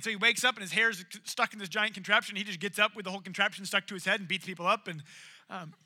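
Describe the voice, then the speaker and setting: A man preaching a sermon, retelling a story in an animated, jokey way. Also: high-pitched, a little fast.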